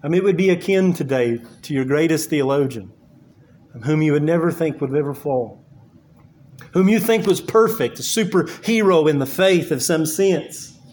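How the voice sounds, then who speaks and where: A man preaching a sermon, earnest and halting, with frequent fillers and repeated words as he works through the scripture. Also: fairly high pitch, animated, a little mellow. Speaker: pastor.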